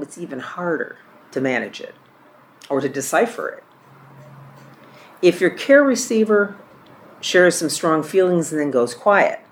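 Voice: mid-range voice, a little hiss or hum. Trainer teaching caregivers from a book. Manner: reads examples aloud, repeats and corrects own words.

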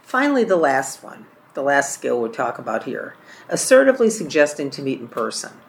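Working through a caregiver training book page by page, a course trainer teaches phone skills, reading examples aloud and frequently repeating or fixing a word. Delivery is sing-song, brisk, and creaky at a middle pitch, over a faint hum of room noise.

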